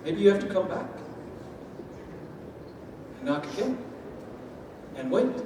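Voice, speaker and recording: A man giving a lively talk to an audience, using food analogies and acting out quoted voices. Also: high-pitched, slow pace, background noise. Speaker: speaker on step parenting. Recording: echoey hall from far off, faint ambience.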